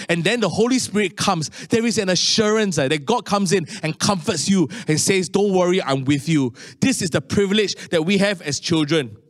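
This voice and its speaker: A middle-aged man preaching a sermon, telling stories with animated, rising tones. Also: no room sound, clean studio sound. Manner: animated storytelling, rising to high excited tones. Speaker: pastor.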